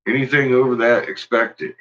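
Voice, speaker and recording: A livestream host rants casually and ramblingly, swearing a lot and laughing frequently. His mid-range voice has little pitch movement, is fairly quick and fairly bright, and the recording is muffled.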